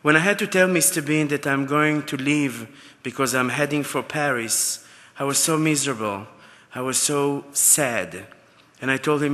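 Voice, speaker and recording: A man's voice: medium pitch, moderate pace, sharp tone. A man giving an acceptance speech at a gala, telling heartfelt stories. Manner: heartfelt, anecdotal storytelling. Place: large gala ballroom. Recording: long hall reverb.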